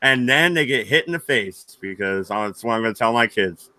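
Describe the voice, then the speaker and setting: American guy, bright tense voice, brash crude banter, dry close mic. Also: medium pitch, animated, moderate pace, no echo. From United States. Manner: brash, swears, laughs at own jokes. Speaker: streamer and podcast co-host. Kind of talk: casual crude banter on a livestream.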